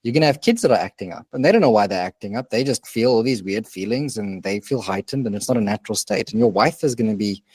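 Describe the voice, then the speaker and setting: Emphatic man with a low voice. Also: quick pace, hardly any pauses, darkish tone, breathy edge, no room sound. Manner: earnest, emphatic coaching talk with swearing. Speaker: podcast co-host. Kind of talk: casual podcast conversation.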